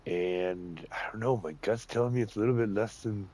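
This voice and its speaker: A man's voice: lowish voice, fairly quick, darkish tone. Congested man chatting over gameplay. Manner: chatty, folksy, chuckles often. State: congested, nasal from a cold. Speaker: gaming channel host. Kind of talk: casual gameplay commentary.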